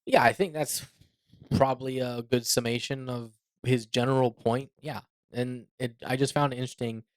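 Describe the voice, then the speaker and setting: A man co-hosting a podcast in casual chat, animated and opinionated, laughing often. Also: medium pitch, moderate pace, no echo. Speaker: podcast co-host.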